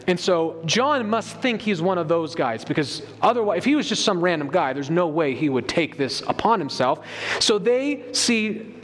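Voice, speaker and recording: A man preaching a sermon, explaining a Bible passage emphatically and reading scripture aloud to his congregation. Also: high voice. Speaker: pastor. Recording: long hall reverb.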